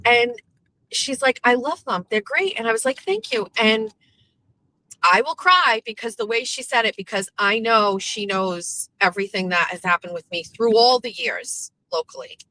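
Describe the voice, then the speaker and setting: A woman hosting a casual morning show, chatty and animated, swearing freely as she tells stories. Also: fairly high pitch, normal speed, rough recording. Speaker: show host.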